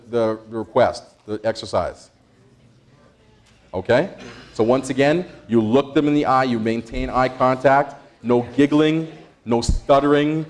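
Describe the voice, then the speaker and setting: A man presenting an interactive workshop, energetic, quizzing the audience and laughing often. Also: medium pitch. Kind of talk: interactive stress-management workshop.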